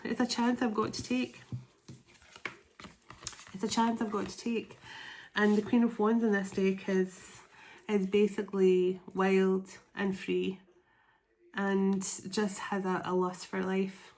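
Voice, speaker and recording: A woman doing a spiritual tarot reading to camera, emotional and excitable, reading card texts aloud. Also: medium pitch, slow, pauses often. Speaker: tarot reader.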